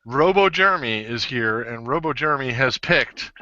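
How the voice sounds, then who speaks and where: A man's voice: medium pitch, lively intonation, normal speed, sharp tone, highs cut off. A man co-hosting a casual podcast, reading out nominees and joking as he stumbles over the words. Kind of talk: casual chat.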